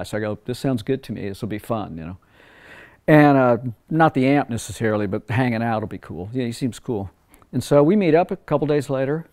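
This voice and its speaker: Older male record producer, animated storyteller, mid-pitched voice that plays out both sides of a conversation. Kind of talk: casual storytelling.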